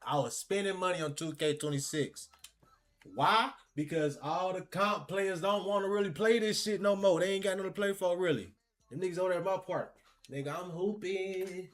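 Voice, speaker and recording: A man giving excitable, laughing, slangy pack-opening commentary, talking to the game and cards as he goes. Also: sits high, normal speed. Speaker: gaming video creator.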